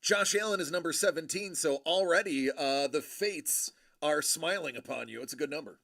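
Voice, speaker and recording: A man hosting a casual livestream, joking and teasing his viewers with quick asides. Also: a little high, gravelly, fairly bright tone, no room sound, studio quality. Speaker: livestream host, collector.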